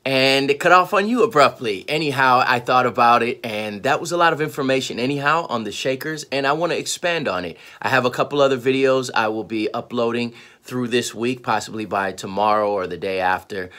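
A man teaching how to play shakers, talking in a relaxed, rambling way with frequent restarts. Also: mid-range voice, brisk. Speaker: music teacher. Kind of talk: casual instructional talk.

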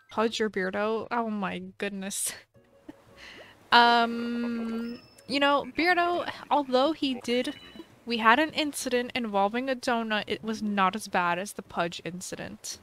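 Slow-talking excitable woman streamer. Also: fairly high pitch. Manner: chatty and excitable, talking to viewers. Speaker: gaming streamer. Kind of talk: casual gameplay commentary.

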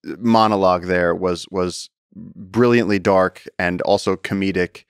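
A man with a low, deep voice talks as a podcast guest and explorer, telling stories in an animated way. He trips over and repeats his words while he talks. The sound is dry and close. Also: a little slow, vocal fry, clean tone, dry recording. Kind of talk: casual storytelling conversation.

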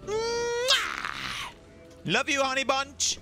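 A male streamer giving casual, joking gameplay commentary, excitable and dropping into goofy low voices now and then. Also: measured pace, faint music behind.

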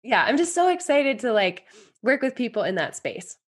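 A woman's voice: fairly high pitch, sing-song, normal speed, background noise. A woman guest on a podcast, talking earnestly and at length in a rambling, casual way. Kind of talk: casual interview chat.

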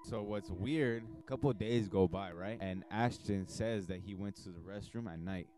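A man's voice: lowish voice, moderate pace, dark tone. A man telling a creepy story on a podcast in a rambling way, often asking "right?". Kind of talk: casual storytelling.

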